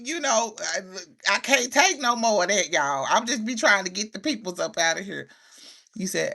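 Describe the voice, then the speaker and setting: Chatty woman with a gravelly voice. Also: mid-range voice, big pitch swings, measured pace, a bit bright. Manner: chatty, laughs often, reads chat comments aloud. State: emotional, has been crying. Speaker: livestream host. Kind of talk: casual livestream chat.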